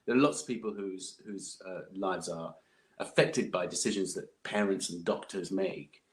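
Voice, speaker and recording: A man's voice: sits low, moderate pace. A man, chatting as a podcast guest, rambling with many fillers and restarts. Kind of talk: casual interview chat.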